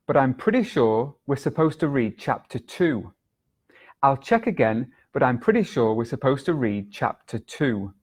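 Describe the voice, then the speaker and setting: An English exam tutor, a man with a mid-range voice, leads a video lesson, enunciating deliberately and exaggerating his intonation so learners can hear it.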